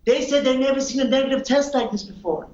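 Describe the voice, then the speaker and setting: A man's voice: very high voice, a little mellow, echoey room, highs cut off, voice pushed up. A man impersonating a brash, boastful older male president, stretching and repeating his words. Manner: bragging, repetitive, drawn-out delivery.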